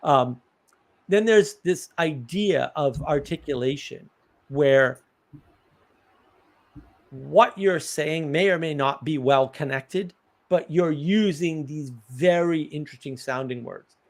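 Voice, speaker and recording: A man's voice: fairly high pitch, slow pace. A man hosting a live stream, explaining ideas in a casual, thoughtful way with examples.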